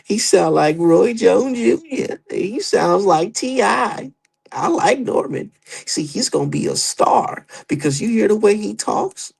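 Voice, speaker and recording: A man mocking a starstruck male boxing fan, stretching his words in a high, fawning, drawn-out voice. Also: wildly swooping pitch, gravelly, darkish tone, husky, heavily acted. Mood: gushing.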